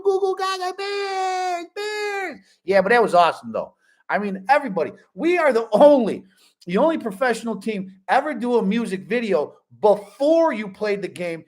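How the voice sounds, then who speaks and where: A man in his forties hosting a fan live stream, chatting casually with viewers and joking a lot. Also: high-pitched. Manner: animated, joking, repeats catchphrases.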